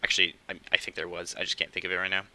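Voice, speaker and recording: Brief: young male podcast host, deep gravelly voice, quiet and halting, home recording at night. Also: little pitch movement, low-quality recording. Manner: quiet, hesitant, many fillers. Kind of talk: casual solo podcast talk.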